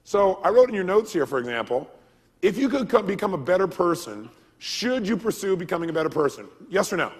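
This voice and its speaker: A man giving an energetic seminar lecture, quizzing a live audience with questions they answer back. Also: high voice, fairly quick, husky. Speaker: motivational speaker. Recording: long reverb of a large hall.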